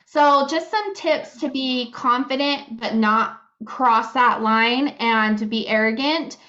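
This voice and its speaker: A woman's voice: fairly high pitch, slow pace, pushed and bright, muffled recording. A woman co-hosting a podcast, talking candidly and casually, swearing freely and giggling now and then. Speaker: podcast co-host. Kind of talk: casual chat.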